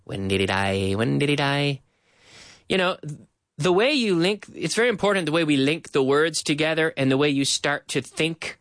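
Lively man drilling English phrases. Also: fairly high pitch, no room sound, studio quality. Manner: drills phrases by repeating them slowly; switches between English and Spanish. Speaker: English teacher. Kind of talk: live-streamed language lesson.

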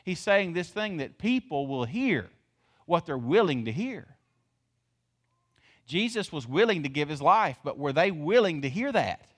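A man's voice: fairly high pitch, big pitch swings, measured pace. A male pastor, preaching a sermon with folksy, emphatic rhetorical questions. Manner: folksy, calls the congregation y'all.

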